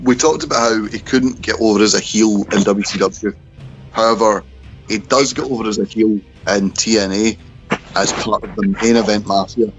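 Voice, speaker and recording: A man hosting a casual podcast chat, hesitant and full of ums and restarts. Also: lowish voice. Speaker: podcast host. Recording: dull lo-fi podcast audio.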